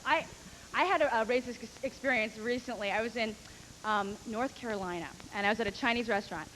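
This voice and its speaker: A woman's voice: fairly high pitch, fairly bright tone, big-room sound, a little hiss or hum, rough recording. Brash, profane woman comedian on stage. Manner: brash, profane, rambling storytelling with acted-out voices. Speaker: stand-up comedian. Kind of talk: stand-up comedy routine. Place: comedy stage before a live audience.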